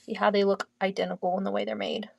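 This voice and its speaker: A woman hosting a casual live-selling stream, chatty and quick to laugh while she talks about items. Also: medium pitch, little pitch movement, vocal fry, a little mellow, dry recording. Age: adult, mother of a teen. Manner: giggly, chatty, laughs often.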